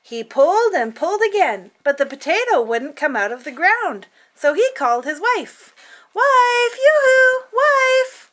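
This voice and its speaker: A woman reading a picture book aloud to children in an expressive, playful storytelling manner. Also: high voice, normal speed, hardly any pauses.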